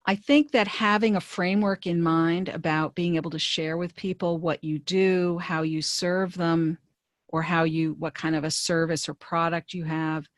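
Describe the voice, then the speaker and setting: A woman career coach presenting a webinar in a conversational, brisk way, with frequent fillers and restarts. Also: on the low side, little pitch movement, no echo, studio quality.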